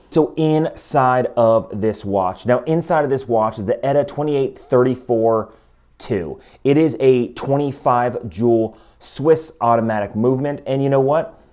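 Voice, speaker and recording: A man with a fairly low voice reviews a watch in a relaxed, chatty way. He explains each feature step by step, with eager enthusiasm. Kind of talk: casual product review.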